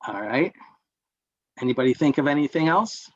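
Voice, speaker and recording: A man's voice: medium pitch, expressive, moderate pace, no room sound, lo-fi sound. A man leading an interactive wellness workshop, lecturing and putting questions to the group. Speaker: workshop instructor.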